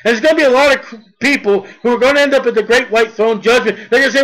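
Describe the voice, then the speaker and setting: High-pitched male preacher, fervent sermon delivery that swells into near-shouts. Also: quick pace, low-quality recording. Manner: fervent, rising to near-shouts on key points.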